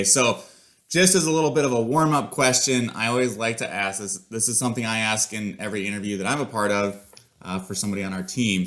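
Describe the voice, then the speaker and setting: A man hosting a business podcast, upbeat and enthusiastic as he introduces his guest and asks questions. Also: on the low side. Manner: enthusiastic, energetic. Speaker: podcast host.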